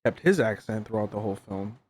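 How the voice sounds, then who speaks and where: A podcast co-host chatting casually about a movie, giving short relaxed remarks. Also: mid-range voice, fast, breathy edge. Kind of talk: casual movie review chat.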